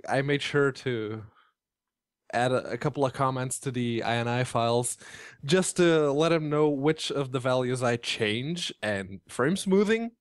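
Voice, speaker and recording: A man's voice: mid-range voice, unhurried, dry recording, studio quality. A man co-hosting a gaming podcast, explaining technical points bluntly with swearing. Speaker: podcast co-host. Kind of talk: casual banter podcast.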